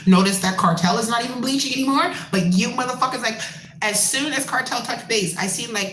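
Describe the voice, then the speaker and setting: A woman from Canada, a musician hosting her own show, ranting in a blunt, profane and animated way. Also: medium pitch, roomy sound, low-quality recording. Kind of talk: casual rant.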